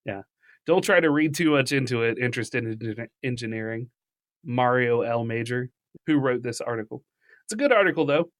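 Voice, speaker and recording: Animated male podcast host. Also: medium pitch, fairly quick, no echo, clean studio sound. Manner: animated, reads at length, laughs easily. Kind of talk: casual podcast chat, reading news articles aloud.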